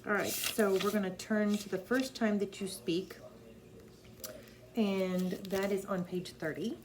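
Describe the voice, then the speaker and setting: A woman's voice: mid-range voice, fairly even intonation, a little slow, noisy background. A woman working as a drama teacher, coaching an actor on a part with emphatic, repeated instructions. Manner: emphatic, repeats key points.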